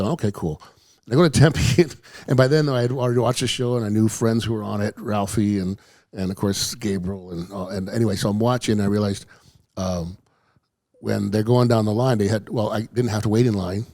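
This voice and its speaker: Brief: quick, rambling male comic guest, warm low-key tone, dry studio sound. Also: steady tone, dry recording. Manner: rambling, self-interrupting, acts out quoted voices. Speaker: stand-up comedian guest. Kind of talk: casual storytelling chat. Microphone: studio headphones and mic.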